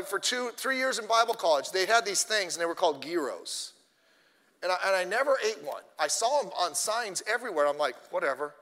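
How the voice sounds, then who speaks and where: A male pastor preaching a sermon, telling stories in an animated way and addressing the congregation directly. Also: high voice, a little fast, in a large hall.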